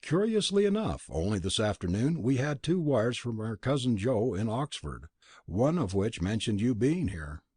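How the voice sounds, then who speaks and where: A man reading a novel aloud as an audiobook narrator, expressive and dropping low on the speech tags. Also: moderate pace, husky, no echo, studio quality. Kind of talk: scripted narration.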